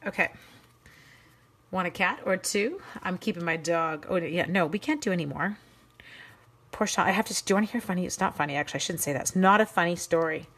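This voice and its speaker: A woman's voice: lowish voice, lively intonation, fairly quick, fairly bright tone. A middle-aged woman hosting a home card-making livestream, chatting casually and greeting viewers by name as she works. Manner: chatty, talks to viewers by name while crafting. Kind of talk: casual craft livestream chat.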